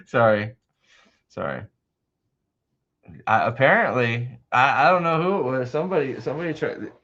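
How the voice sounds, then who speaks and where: A man's voice: medium pitch, a bit bright, lo-fi sound. A man hosting a livestream in casual chat, rambling and swearing heavily, often restarting his sentences. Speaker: livestream host.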